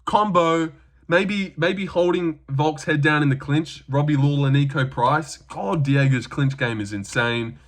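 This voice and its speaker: A man's voice: a little high, measured pace. A young Australian man talking casually through his fight predictions, rambling with lots of fillers.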